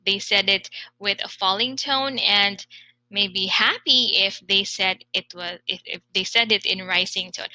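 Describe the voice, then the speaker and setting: A woman teaching English pronunciation in a tutorial, talking clearly and steadily and modelling example phrases. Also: mid-range voice, pushed and bright, dry recording, poor audio. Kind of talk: tutorial lesson.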